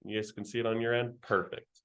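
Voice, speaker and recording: A man's voice: medium pitch, little pitch movement, a little fast, fairly bright tone. A young man leading a virtual sales training session over a video call, talking in slang and joking with the trainees.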